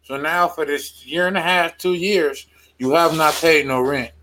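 A man's voice: a little high, a little slow, pushed and bright, a little hiss or hum, low-quality recording. A man co-hosting a casual talk show, patiently explaining a news story step by step. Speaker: podcast co-host. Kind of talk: casual chat.

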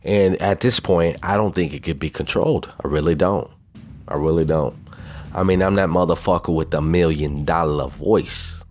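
A man with a Southern US twang talks through his own podcast in a loose, profane, bragging ramble. His voice sits extremely low, a deep bass rumble. Faint music plays underneath. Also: normal speed, darkish tone. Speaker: podcast host. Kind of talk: casual solo podcast talk.

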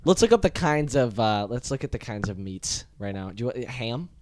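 A man's voice: mid-range voice, big pitch swings, a little fast, no room sound, studio quality. A young man on a voice call, joking crudely and swearing often. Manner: jokey, crude, swears a lot. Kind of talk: casual chat.

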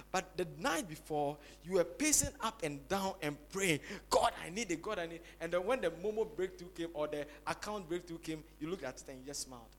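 A man preaching a sermon as pastor, swinging between loud exclamations and soft quick asides. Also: fairly high pitch, a little hiss or hum.

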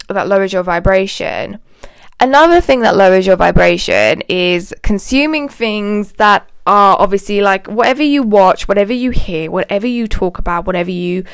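A woman's voice: mid-range voice, clear, resonant tone, dry recording. A young woman hosting a casual spiritual talk, rambling with lots of fillers and restarts. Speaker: podcast host.

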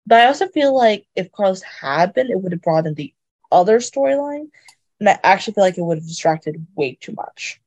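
A woman sharing her opinions in a relaxed recap chat. Her pitch swings up and down with a lot of expression. The sound is close and dry, with no room echo. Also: a little fast. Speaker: podcast co-host. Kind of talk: casual chat recapping a TV episode.

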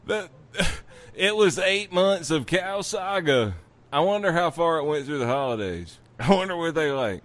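A man's voice: a little high, animated, a little slow. A man hosting a podcast, reading a news story and riffing on it with profane jokes and frequent laughter. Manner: profane, joking, laughs often. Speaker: podcast host. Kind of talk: comic news commentary.

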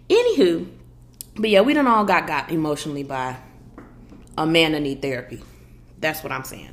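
A podcast host with a deep voice speaks at normal speed, pausing often, with lively intonation. She chats casually, sassy, blunt, and profane, telling stories with lots of energy.

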